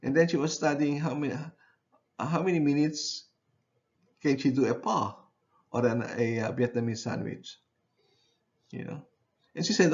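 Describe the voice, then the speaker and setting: A man at a mid pitch delivers a university lecture, pausing and restarting his sentences. He repeats phrases and keeps checking in with the class. The recording sounds dull and lo-fi. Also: a little mellow.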